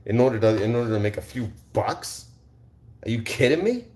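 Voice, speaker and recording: A man's voice: mid-range voice, big pitch swings, a little fast, darkish tone. A man hosting a livestream, confrontationally ranting at viewers in the chat, repeating rhetorical questions and swearing. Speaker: livestream host. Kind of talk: heated livestream rant.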